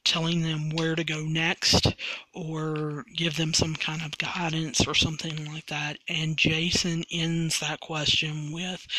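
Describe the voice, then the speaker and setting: A man hosting a solo podcast, reviewing a paranormal TV show in a rambling way with many pauses, his voice cracking slightly. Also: fairly high pitch, pushed and bright, no echo, rough recording. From West Virginia. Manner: rambling, many ums and restarts. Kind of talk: casual solo podcast commentary.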